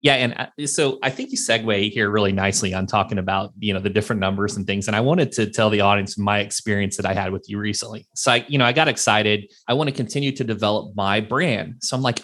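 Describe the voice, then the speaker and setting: Male podcast host, animated, conversational storytelling. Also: on the low side, quick pace, hardly any pauses. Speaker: CEO, business owner.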